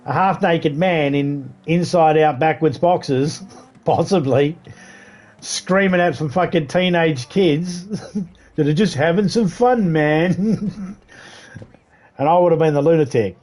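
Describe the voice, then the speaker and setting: Speaking slowly in a slightly high, darkish voice, a middle-aged man chats while gaming on stream. He curses freely and tells meandering stories.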